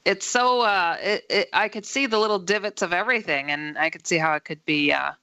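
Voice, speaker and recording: A male radio host with a high, bright, sharp voice, recorded dry and close to the mic. He chats casually and enthusiastically with his caller. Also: fairly quick, clean tone, dry recording. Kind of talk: casual chat.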